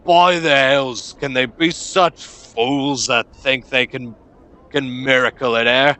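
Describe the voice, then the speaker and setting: Gruff loud dock boss, as a man reads him. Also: mid-range voice, fairly even intonation, takes it slowly. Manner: loud, scolding, rough talk. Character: gruff burly male dock foreman, angry.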